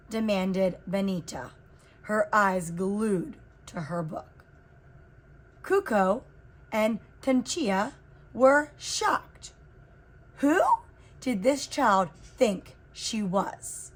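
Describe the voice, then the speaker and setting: A woman reading a children's picture book aloud in an expressive, unhurried way. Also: mid-range voice. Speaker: reader. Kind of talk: storybook read-aloud.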